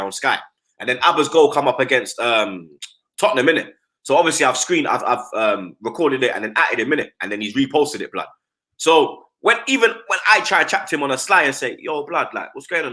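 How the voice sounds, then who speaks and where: A football fan pundit chats casually on a live stream in a mid-range voice with a sharp tone. He speaks in heavy slang, constantly ending his lines with "blood" and "you get me".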